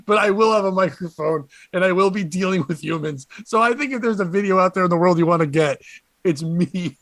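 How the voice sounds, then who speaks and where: A man hosting a comedy podcast, telling stories in an animated way and laughing often. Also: high voice, fairly quick, no room sound. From Connecticut. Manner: animated storytelling with frequent laughter. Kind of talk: casual comedy podcast chat.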